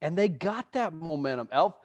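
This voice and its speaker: Male podcast co-host, high voice, blunt opinionated sports talk. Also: expressive, normal speed, a little mellow, dry recording, highs cut off. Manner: opinionated, emphatic ranting. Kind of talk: casual sports chat.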